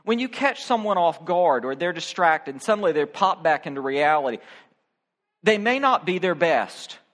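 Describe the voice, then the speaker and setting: A man's voice: a little high, animated, moderate pace, a bit bright. A middle-aged man preaching a sermon as pastor, speaking directly and emphatically to his congregation. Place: church.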